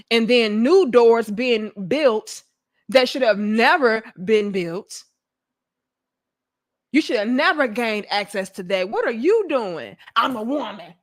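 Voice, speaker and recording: A young adult woman, delivering a profane, animated commentary rant and acting out mocking voices. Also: fairly high pitch. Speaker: commentary host. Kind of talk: ranting commentary monologue.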